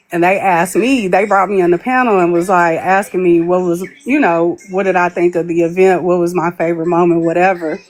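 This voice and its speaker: A woman, a guest on a live stream, telling a long story in a chatty way and acting out what people said. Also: lowish voice. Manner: chatty, laughs while telling, acts out quoted people. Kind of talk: casual storytelling.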